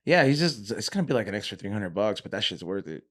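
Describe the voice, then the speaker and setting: A young man with a somewhat low voice tells loose, rambling stories in relaxed podcast chat. His talk is packed with "like," restarts and swearing, and he laughs often as he goes. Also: fast talker. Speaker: podcast guest, cannabis show host. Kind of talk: casual storytelling chat.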